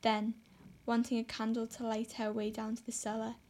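A woman reads a classic novel aloud in steady, measured narration. Her voice sits fairly high and stays flat in melody. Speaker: audiobook narrator. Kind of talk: scripted narration.

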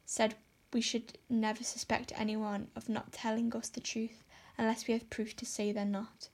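A woman's voice: fairly high pitch, flat delivery, moderate pace, a little mellow. A woman reading aloud and voicing a dramatic young girl who pleads in overwrought, tragic tones. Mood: pleading. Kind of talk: audiobook character voice.

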